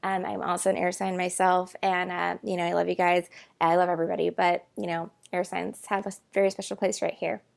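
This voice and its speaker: A woman's voice: lowish voice, little pitch movement, a little fast, creaky. A woman giving a casual, rambling tarot reading on her channel, talking into earbud microphones with many fillers. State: tearful, emotional at times. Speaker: tarot reader.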